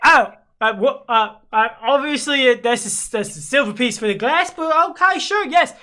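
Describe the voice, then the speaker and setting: A brash tavern keeper woman in her thirties, high and loud, blustering and stammering when caught off guard, put on by the game master. She sounds bright and forceful. Her speech is gruff and plain, right out of a tabletop game. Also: expressive, normal speed.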